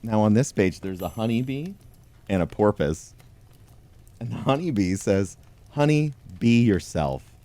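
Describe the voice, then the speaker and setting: A man reading a pun picture book aloud as a comic bit, in a mock-solemn deadpan way, talking to a toy penguin. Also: on the low side, moderate pace, pauses often, no echo. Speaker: host. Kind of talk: deadpan comedic storybook reading.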